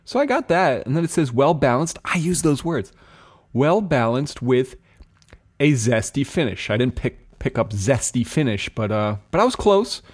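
A man's voice: medium pitch, big pitch swings, moderate pace, hardly any pauses, husky. A young adult man hosting a beer podcast, chatting casually and candidly about a beer's taste, rambling and swearing now and then. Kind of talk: casual tasting chat.

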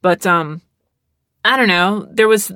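A woman's voice: mid-range voice, slow, bright, forceful tone, no echo, studio quality. A young adult woman hosting a podcast, talking casually in a rambling, sarcastic way with lots of fillers. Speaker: podcast host. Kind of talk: casual solo podcast talk.

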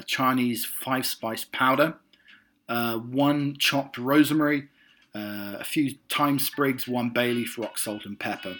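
A man hosting a relaxed show, working through lists item by item and breaking off to gush about them. His voice is bright and sharp-edged, with faint music underneath. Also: medium pitch. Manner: reads items one by one with enthusiastic asides. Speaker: host. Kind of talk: casual read-through of lists.

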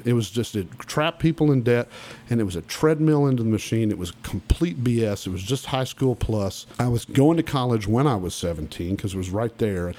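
A man's voice: mid-range voice, expressive, brisk, mellow. A man being interviewed on a podcast, telling stories from his youth bluntly and emphatically, with frequent restarts. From Oklahoma. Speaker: guest musician. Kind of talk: casual podcast interview storytelling.

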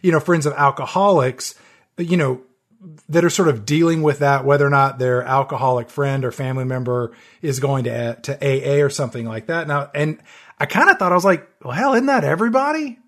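A man's voice: mid-range voice, fairly quick, a bit bright. A man co-hosting a casual movie-review podcast, full of wry, sarcastic asides. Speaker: podcast co-host.

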